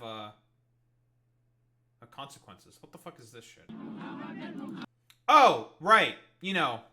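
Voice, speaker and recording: A man's voice: on the high side, bright, forceful tone. A young man giving rambling, profane, sarcastic reaction commentary as a streamer.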